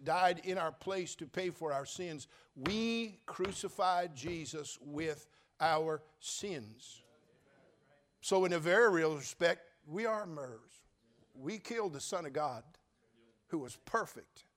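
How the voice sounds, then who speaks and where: Preacher, man, slightly high voice; fervent sermon delivery, addresses the church directly, big dynamic swings. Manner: impassioned preaching, swings between quiet and shouted lines; speaks directly to congregation, repeats phrases for emphasis. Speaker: pastor.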